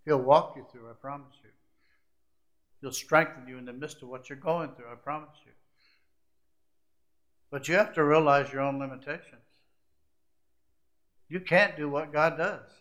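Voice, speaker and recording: A man preaching a sermon, shifting from hushed, confiding asides to rising, emphatic climaxes that stack short repeated phrases. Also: on the high side, fairly even intonation, normal speed, pauses often. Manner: repetitive, building lists of short phrases.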